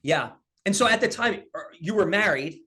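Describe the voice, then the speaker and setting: A man's voice: high voice, animated, normal speed, bright, forceful tone. Enthusiastic male interview host. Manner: enthusiastic, asks follow-up questions. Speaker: host, performance coach.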